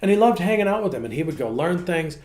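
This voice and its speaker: A man, a pastor co-hosting a casual ministry podcast, telling folksy stories with animated asides. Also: a little high, fast, echoey room. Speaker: pastor, co-host.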